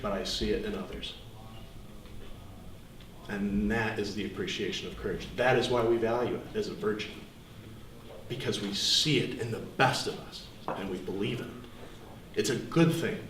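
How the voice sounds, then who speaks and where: A young man speaks earnestly to a small seminar group, slowly and reflectively with pauses, his voice sitting a bit low. He sounds distant from the mic in an echoey room, with a faint hiss underneath. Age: young adult. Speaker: student speaker.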